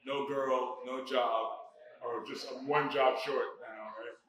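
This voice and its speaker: Animated comedian man in echoey bar. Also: mid-range voice, slow pace. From Miami, Florida. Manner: animated, swearing, acts out quotes. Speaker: comedian guest. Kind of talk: casual interview storytelling. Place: brewery after a comedy show. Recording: echoey bar with crowd noise. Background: crowd chatter.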